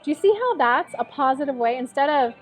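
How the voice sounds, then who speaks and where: A woman's voice: sits high, lively intonation, a little fast, faint music behind. Chatty, encouraging woman tarot reader. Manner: chatty, encouraging, many fillers. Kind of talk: casual tarot reading. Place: lives in Tennessee.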